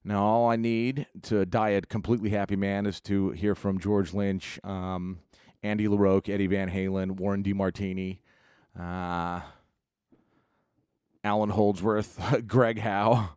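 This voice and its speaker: A man's voice: fairly low pitch, level tone, a little slow, a little mellow, clean tone, no room sound, studio quality. A man vlogging, telling a rambling story in a casual, profane, laid-back way. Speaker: musician.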